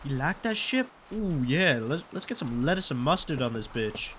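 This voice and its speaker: A man's voice: on the high side, big pitch swings, moderate pace, fairly bright tone, slight background noise. A man doing crude, joking let's-play commentary while he plays. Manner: crude, joking, swears a lot. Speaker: gaming YouTuber.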